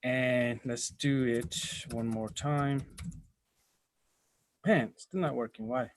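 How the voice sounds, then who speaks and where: This IT instructor speaks slowly in a mid-range voice with a steady tone during a live software training. He chats casually with students, often wandering off and correcting himself mid-sentence.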